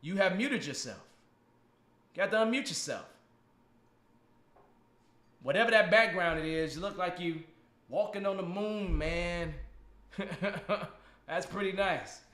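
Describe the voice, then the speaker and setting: A man's voice: high-pitched, slow, long pauses, fairly bright tone. A man hosting a casual live stream with a guest on a video call, joking, teasing and laughing often. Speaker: podcast host. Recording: roomy echo.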